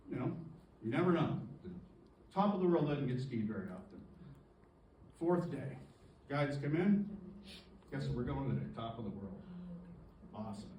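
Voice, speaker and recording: Man, emotional tribute speech, halting, throat-clearing, mellow voice, roomy distant sound, faint ambience. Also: mid-range voice, a little hiss or hum. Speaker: award presenter.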